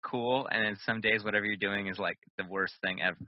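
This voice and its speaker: A man's voice: fairly low pitch, steady tone, brisk, dry recording, lo-fi sound. A man co-hosting a podcast in casual chat, rambling with lots of fillers and casual swearing. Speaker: podcast co-host.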